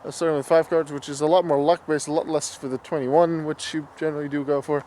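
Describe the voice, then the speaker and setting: A man's voice: a little high, little pitch movement, quick pace, warm tone, a little hiss or hum. A young man in his twenties talking casually in a daily vlog, rambling and thinking aloud as he goes. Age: 20s. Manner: rambling, thinking aloud with fillers and self-corrections. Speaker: vlogger.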